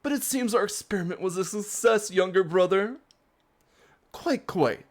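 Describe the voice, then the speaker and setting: A streamer voicing a pompous, theatrical young male villain from a video game, with slow, drawn-out, haughty delivery. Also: medium pitch, voice pushed up, lightly acted. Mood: smug.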